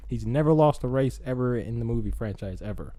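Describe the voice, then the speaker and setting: A man's voice: mid-range voice, animated, fairly quick, warm tone. A young man hosting a podcast, telling a movie idea in a rambling, casual way with lots of fillers and acted-out lines. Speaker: podcast host. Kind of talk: casual chat.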